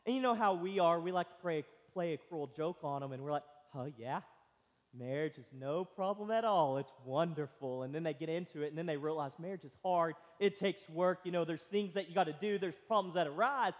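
A man's voice: sits high, fast talker. A young male pastor, preaching a sermon and telling stories. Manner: storytelling, acts out other voices. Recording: long hall reverb.

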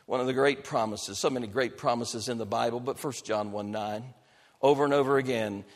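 A male pastor preaching a sermon with dynamic delivery, swinging between loud emphatic lines and soft hushed ones. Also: medium pitch, a little fast, long reverb tail.

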